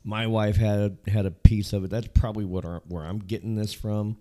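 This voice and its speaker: A man co-hosting a casual podcast chat, with a raspy voice from a cold and a slight lisp, laughing and joking often. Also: fairly low pitch, little pitch movement, moderate pace, dark tone. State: has a cold. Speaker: podcast co-host.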